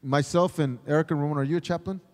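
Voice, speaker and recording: Middle-aged chaplain guy preaching, animated, acts out the voices he quotes, booming echoey hall. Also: fast. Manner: animated, acts out quoted voices, repeats words when starting. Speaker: chaplain and pastor. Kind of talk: sermon-style teaching.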